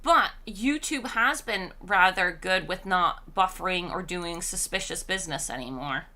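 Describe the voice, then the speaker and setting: Bright-voiced woman with a strained voice. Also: lowish voice, a little slow. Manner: chatty, rambling, reads chat aloud. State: strained, tired voice. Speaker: game streamer. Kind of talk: casual live-stream chat.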